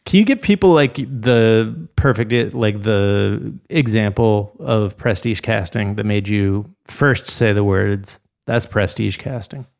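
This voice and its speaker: A man's voice: fairly low pitch, slow, vocal fry, few pauses, a little mellow. A man hosting a podcast, chatting casually with wry, teasing sarcasm. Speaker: podcast host. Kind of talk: casual chat.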